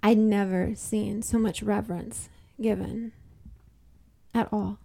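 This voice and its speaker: A young woman speaks as a podcast guest, sharing a heartfelt personal story in a casual, rambling way. Her voice sits at an ordinary pitch with a noticeable gravelly fry, and her talk is full of fillers and earnest restarts. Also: fairly even intonation, slow, dark tone. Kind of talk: personal testimony in casual conversation.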